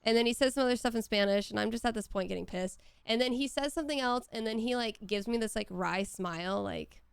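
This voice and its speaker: A woman chatting on a casual stream from home, telling animated stories with some casual swearing. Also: a little high, fast talker, vocal fry, clean tone, no echo. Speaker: voice actor signing on stream.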